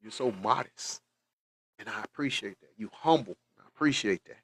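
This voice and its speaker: A man's voice: on the low side, normal speed, fairly bright tone, a little hiss or hum. A middle-aged man, hosting a casual livestream, earnest and emotional, repeating phrases for emphasis and choking up at times. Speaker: livestream host.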